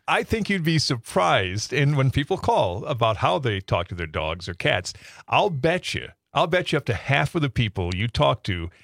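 A man's voice: medium pitch, big pitch swings, moderate pace, gravelly, fairly bright tone, no echo. A man, a studio guest on a radio talk show, telling amused stories in casual chat. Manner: amused storyteller, laughs often. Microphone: studio microphone.

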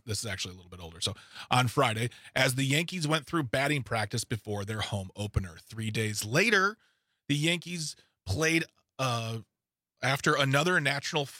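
Bright-voiced man reading headlines with asides. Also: mid-range voice, dry recording, studio quality. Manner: reads news items aloud with asides and stumbles. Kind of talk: casual podcast chat.

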